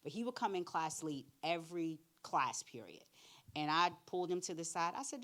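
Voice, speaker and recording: A middle-aged woman giving a candid career-readiness talk, animated and plain-spoken, acting out both sides of her stories. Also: sits low, normal speed. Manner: animated storyteller, acts out both sides of conversations. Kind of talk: church workshop talk with acted-out anecdotes.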